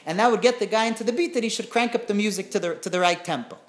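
A woman teaching through a story in an animated way, often checking in with her listeners. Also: mid-range voice, racing. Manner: animated, often asks "right?". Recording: roomy echo.

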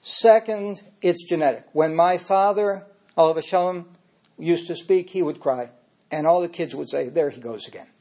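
A man's voice: high voice, normal speed, a little mellow. An older man giving a speech, telling personal stories in an anecdotal way and getting emotional as he speaks.

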